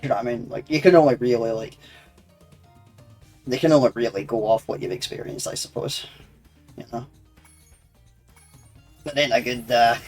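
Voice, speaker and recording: A young man, streaming a game and bantering crudely with his chat, rambling and laughing often. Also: mid-range voice. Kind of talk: casual gaming stream chat. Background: faint game music.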